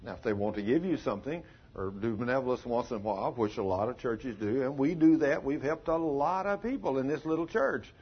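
A man preaching a sermon as a pastor, telling stories in a folksy way with dramatic pauses. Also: mid-range voice, expressive, breathy edge. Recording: dull lo-fi recording.

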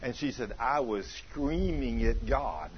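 A man's voice: mid-range voice, animated, measured pace, slightly rough. A man preaching a sermon, telling stories earnestly and acting out the voices of the people he quotes. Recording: dull lo-fi recording.

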